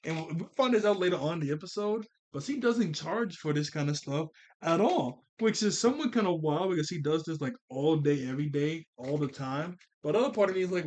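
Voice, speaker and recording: A man's voice: on the high side, expressive, brisk, hardly any pauses, a little mellow. A man reviewing a cartoon episode in a casual, rambling way, laughing often and checking that listeners follow him. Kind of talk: casual commentary.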